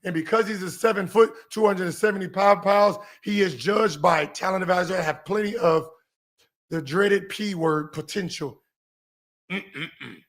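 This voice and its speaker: A man in his forties hosting a podcast, giving heated commentary and mocking someone in an animated, sing-song teasing way. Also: high-pitched, unhurried. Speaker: podcast host.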